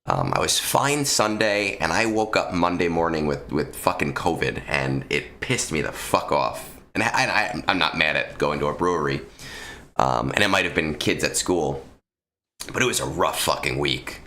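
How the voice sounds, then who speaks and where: A man's voice: rumbling low, animated, normal speed, bright, forceful tone. A man streaming live, chatting casually with viewers from a room at home into a close microphone, rambling and swearing with many restarts and ums, with a lingering cough after an illness.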